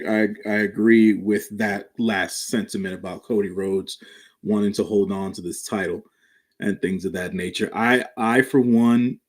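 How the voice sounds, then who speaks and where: A man co-hosting a wrestling podcast, speaking in a measured way that is full of fillers and restarts. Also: on the low side. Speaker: podcast co-host. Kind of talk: casual wrestling podcast chat.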